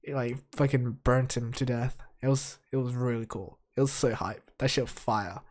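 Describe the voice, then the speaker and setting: Sounding sick and hoarse, a man talks through anime episodes in a rambling, excitable, very profane review. He speaks at normal speed in a mid-range voice.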